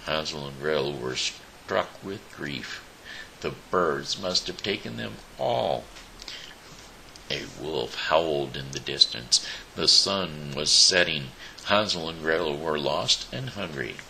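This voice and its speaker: A man hosting his show, reading a fairy tale aloud slowly, with small slips and restarts. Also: very deep voice, expressive, gravelly, pushed and bright, a little hiss or hum, low-quality recording. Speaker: show host reading a story. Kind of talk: storybook reading.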